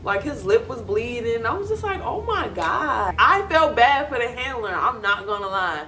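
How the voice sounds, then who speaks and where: A young woman giving blunt, profane, animated commentary on a reality show. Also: on the high side, normal speed. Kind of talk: casual reaction commentary.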